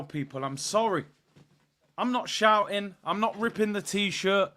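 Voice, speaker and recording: Man, high voice, live-stream host, animated exasperated rant to viewers. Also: normal speed. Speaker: football channel host. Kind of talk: live stream talk to chat.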